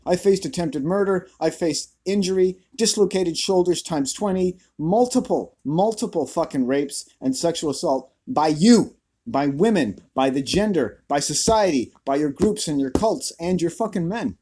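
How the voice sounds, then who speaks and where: Furious, profane man with a squeaky voice. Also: animated, moderate pace, dark tone, slightly rough. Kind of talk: angry rant to camera. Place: outdoors.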